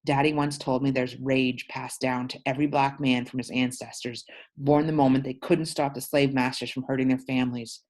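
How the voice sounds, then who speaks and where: A woman teacher reading a novel aloud to her class, pausing to explain words. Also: rumbling low, flat delivery, a little mellow.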